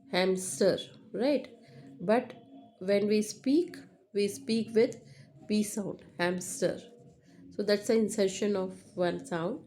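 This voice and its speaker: A woman's voice: medium pitch, darkish tone, slight background noise. A woman teaching a lesson on phonology, repeating examples and checking in with "right?". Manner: repetitive, checks understanding with "right?". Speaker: English teacher. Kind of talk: lecture explaining linguistics.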